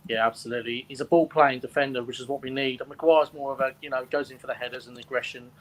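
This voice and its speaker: A man's voice: mid-range voice, fairly even intonation, fast, a bit bright, poor audio. A man with a Southern English accent on a fan podcast panel, speaking in a casual, eager way. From Southern England.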